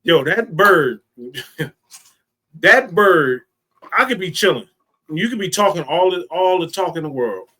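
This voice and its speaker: A man's voice: fairly high pitch, expressive, unhurried, long pauses, pushed and bright. A man leading an informal teaching talk, speaking emphatically and repeating his key phrases.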